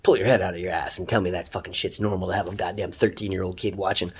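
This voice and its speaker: A Canadian taxi driver rants online in an angry, heated, profane monologue, swearing constantly. His low-pitched voice is husky and fast, with fairly even intonation.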